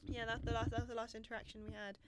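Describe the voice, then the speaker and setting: A woman's voice: fairly high pitch, little pitch movement, rapid-fire, a crowd in the background. A woman co-hosting a podcast, telling stories in casual chat with a sarcastic streak and frequent laughter. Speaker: podcast co-host.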